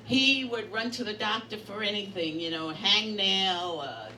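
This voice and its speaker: The comic, a woman from Brooklyn, New York, tells brash and bawdy stories with punchlines during a bistro bar comedy night. She has a medium pitch and moderate pace, with crowd noise and an echoey, distant, noisy room around her.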